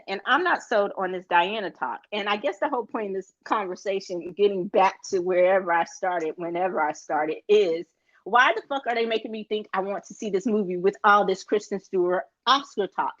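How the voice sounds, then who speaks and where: A woman's voice: medium pitch, fairly bright tone. A woman co-hosting a podcast in casual chat, talking frankly and at length, swearing freely. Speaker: podcast co-host. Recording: dull lo-fi recording.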